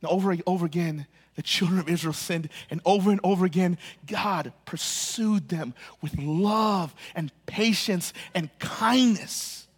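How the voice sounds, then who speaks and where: A man preaching a sermon as a pastor, his voice sitting unusually high for a man. He talks in animated bursts, stumbling over repeated words as he restarts, then slows right down to lean on key phrases. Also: husky.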